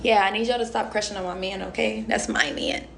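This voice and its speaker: Gravelly, chatty young woman on a phone livestream. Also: mid-range voice, fairly even intonation, a little fast, background noise. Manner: chatty and playful, heavy on fillers like "um" and "like". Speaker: reality show contestant on a livestream. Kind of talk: casual livestream chat, reading and answering viewer comments.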